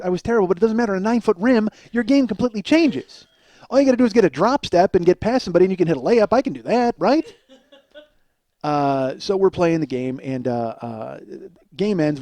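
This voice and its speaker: A man's voice: fairly high pitch, a little mellow, no echo. A middle-aged man hosting a solo comedy podcast, telling a rambling, self-deprecating story and laughing at himself. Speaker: podcast host.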